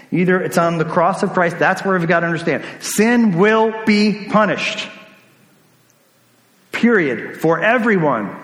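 Earnest male pastor in an echoey hall. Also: fairly high pitch. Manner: earnest preaching with frequent "right?" asides. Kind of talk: sermon. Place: church sanctuary. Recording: echoey reverberant church hall.

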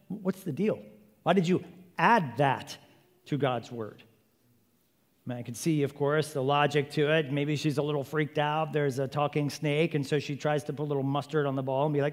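A male preacher and Bible teacher delivering a sermon in an animated way, with rhetorical questions and playful humor. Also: a little high, normal speed, in a large hall.

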